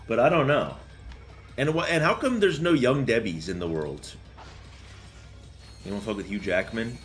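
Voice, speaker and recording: A man's voice: mid-range voice, lively intonation, normal speed, a bit bright, soft background music. A young man livestreaming a game, rambling casually with lots of swearing, fillers and chuckles. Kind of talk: casual chat while playing a game.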